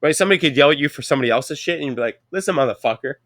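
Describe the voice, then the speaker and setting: A man in casual podcast chat, talking in a profane, animated way about work and being yelled at. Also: on the high side, rapid-fire, dry recording, clean studio sound.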